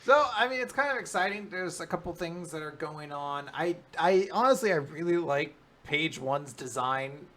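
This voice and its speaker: Enthusiastic bright-voiced co-host. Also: male voice, fairly high pitch, lively intonation, moderate pace, hardly any pauses, a little hiss or hum. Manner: enthusiastic, swears casually. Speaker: podcast co-host. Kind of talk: casual recap chat.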